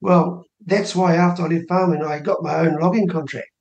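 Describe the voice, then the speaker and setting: New Zealand man, animated storyteller. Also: fairly high pitch, a little fast, highs cut off. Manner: acts out quoted dialogue with lively rising voice. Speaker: interview guest, minor party co-leader. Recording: roomy studio echo.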